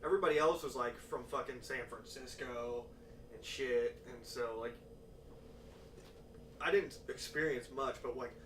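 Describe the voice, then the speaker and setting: A man's voice: medium pitch, unhurried, long pauses. A man telling stories in casual podcast chat, swearing freely and acting out what people said. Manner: profane, animated storyteller acting out quotes. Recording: roomy, distant mic with faint noise.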